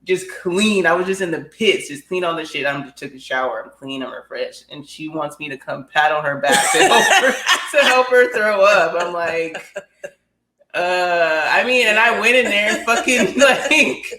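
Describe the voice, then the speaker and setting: A woman's voice: on the low side, animated, moderate pace, sharp tone, slight background noise. Laid-back young woman co-host. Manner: laid-back storytelling, laughs, swears. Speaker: podcast co-host. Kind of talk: casual chat. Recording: echoey room.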